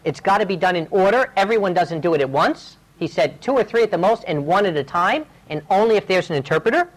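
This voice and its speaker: A man's voice: high-pitched, animated, fast, low-quality recording. A male preacher giving a sermon, telling his own stories in an earnest, urgent way.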